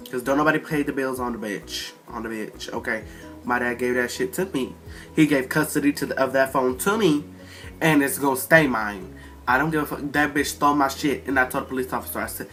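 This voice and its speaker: A man's voice: mid-range voice, quick pace, soft background music. Profane teenage boy ranting a storytime. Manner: profane, animated storytelling with quoted voices. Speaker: vlogger. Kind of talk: storytime vlog rant.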